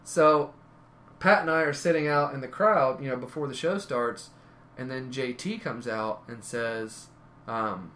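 A man's voice: mid-range voice, a little slow, fairly bright tone, a little hiss or hum. A man telling rambling wrestling stories in casual conversation, often correcting himself. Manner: rambling, self-correcting anecdotes. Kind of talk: casual storytelling.

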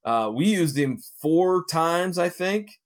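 This Ohio wrestling manager and promoter, middle-aged and appearing as an interview guest, speaks slowly in a slightly high, expressive voice. He rambles casually through a long story, full of fillers and false starts.

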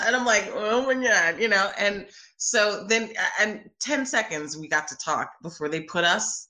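A bubbly woman tells stories from a film set, with a bright, lively voice. She laughs often and slips into quoted voices. Her voice rings with a roomy echo. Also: mid-range voice, a little slow, hardly any pauses. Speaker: actress interviewed about her film debut. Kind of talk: animated anecdotal storytelling.

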